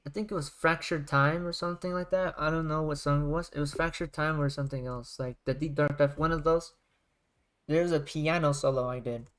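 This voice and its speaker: A man's voice: fairly high pitch, fairly even intonation, fairly quick, fairly bright tone, smooth. A man, a music creator, chatting casually on a livestream, rambling and circling back to rephrase his points.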